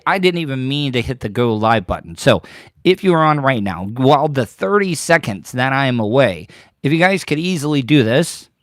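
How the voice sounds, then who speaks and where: A man's voice: medium pitch, no room sound, studio quality. A man hosting a podcast livestream from home, talking casually and rambling straight to his viewers. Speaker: podcast host. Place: home, birds outside.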